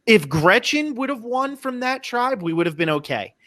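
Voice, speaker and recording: Bright, dry-sounding podcast host. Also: male voice, extremely high pitch, big pitch swings, normal speed, dry recording. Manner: enthusiastic, repeats words as he starts sentences. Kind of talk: casual podcast chat.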